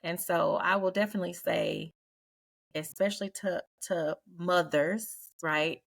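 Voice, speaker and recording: A woman's voice: lowish voice, unhurried, creaky. A woman hosting a casual group talk, speaking earnestly and preachily with frequent laughs. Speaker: podcast host.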